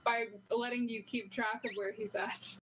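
A woman's voice: a little high, steady tone, normal speed. A woman playing a tabletop game, hesitant and playful. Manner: hesitant, playful, often laughing. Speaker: player. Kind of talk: tabletop game role-play. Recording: noisy background hiss.

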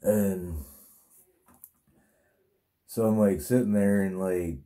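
A vlogger recounts a dream in a rambling, crude, profane monologue packed with fillers. His voice sits low and dark, steady in tone, and he speaks slowly.

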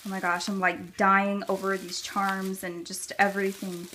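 A young woman chatting casually as she opens a package of handmade craft gifts, gushing and gasping with delight, her voice going a bit hoarse. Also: mid-range voice, little pitch movement, normal speed, bright, forceful tone, slight background noise. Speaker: craft vlogger. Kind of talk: casual unboxing chat.

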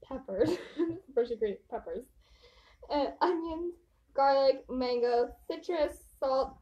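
A woman's voice: sits high, dull audio. A woman chatting casually and giggling as she tastes hot sauce in a hotel room. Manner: giggly, chatty, drawn-out listing. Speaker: vlogger tasting hot sauce. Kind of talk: casual chat.

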